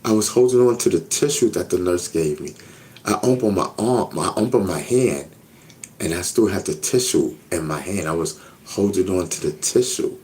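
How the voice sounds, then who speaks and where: A man's voice: deep voice, animated, normal speed, darkish tone. A man telling a personal story in a casual interview, earnest and repetitive, often checking in with "you know what I mean?". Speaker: interview guest.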